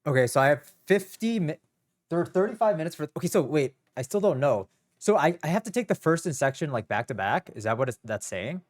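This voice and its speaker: A man's voice: fairly high pitch, sing-song, brisk. Nervous rambling young man streaming. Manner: nervous, rambling, self-mocking. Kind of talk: casual live-stream talk.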